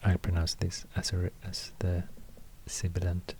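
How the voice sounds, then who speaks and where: A man with a Swedish accent rambling quietly in soft-spoken ASMR, half-whispering and pausing often. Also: deep voice, completely flat delivery, a little hiss or hum. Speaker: ASMR creator.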